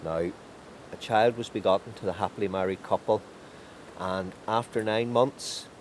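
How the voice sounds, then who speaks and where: A man telling a folk tale in a lively, wry way with drawn-out emphasis. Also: on the low side, slight background noise. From County Tyrone. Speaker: storyteller.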